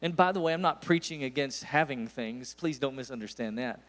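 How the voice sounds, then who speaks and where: A man's voice: medium pitch, brisk, fairly bright tone. A man in his forties with an East Tennessee accent, preaching a sermon as a visiting pastor with folksy stories and emphatic bursts. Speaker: guest pastor.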